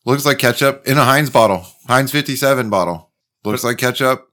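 A young man casually recounting his trip in a laid-back, deadpan way, swearing as he goes. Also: medium pitch, normal speed. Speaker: podcast co-host back from a trip. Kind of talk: casual storytelling.

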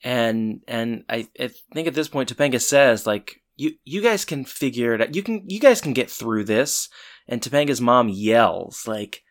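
A man co-hosting a casual recap chat, retelling scenes with relaxed, dry asides. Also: mid-range voice, moderate pace. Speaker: podcast co-host.

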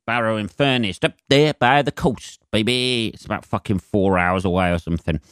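Man, comic podcast rant, lowish voice, dry close sound, lots of swearing. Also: moderate pace, fairly bright tone, clean tone, dry recording. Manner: sweary, ranting, winds himself up. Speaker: comedian podcast host. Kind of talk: solo comedic monologue.

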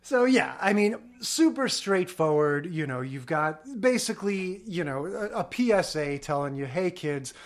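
A man co-hosts a casual podcast about old TV shows, his voice sitting a little higher than most men's. He gives relaxed, wry takes, padding his thoughts with "you know" and "I mean". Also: moderate pace, few pauses. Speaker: podcast co-host.

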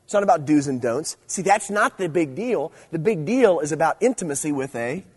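Husky animated preacher man. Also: fairly high pitch, brisk. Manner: animated, swinging between loud emphasis and quiet asides. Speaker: youth speaker. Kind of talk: sermon.

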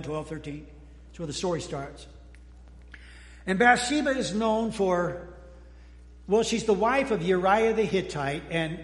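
A pastor with a high, light man's voice delivers a folksy sermon in a church. He restarts his sentences, trades jokes with the listeners and sinks into hushed tones. The sound rings around a large, reverberant hall. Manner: folksy and joking, with frequent restarts and sudden quiet drops. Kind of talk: conversational sermon. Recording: echoey hall with long reverb.

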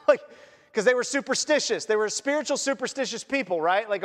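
A man preaching a sermon in a conversational, animated storytelling manner. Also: extremely high pitch, fast talker. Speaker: pastor. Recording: long church reverb.

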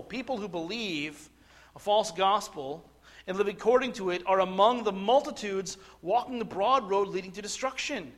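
A middle-aged male pastor with a notably high voice delivers a sermon. He speaks earnestly, often stumbling and restarting his phrases, then builds to forceful, emphatic points. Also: moderate pace.

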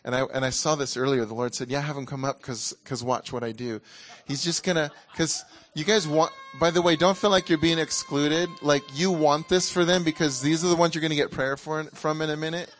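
Relaxed, chatty higher-voiced male preacher. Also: a little fast, hardly any pauses. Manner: ecstatic, exclaiming and laughing during prayer. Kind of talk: charismatic sermon and prayer ministry.

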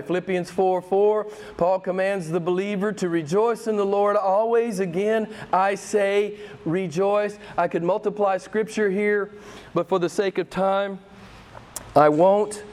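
A man preaching a sermon with fervor, repeating phrases for emphasis and swinging between loud bursts and quiet, drawn-out lines. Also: high-pitched, fairly even intonation. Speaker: pastor.

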